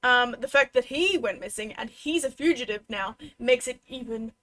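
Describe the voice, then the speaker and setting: A woman's voice: a little high, normal speed, fairly bright tone, no room sound. A woman narrating as game master of a tabletop role-playing game, in a casual way with many fillers.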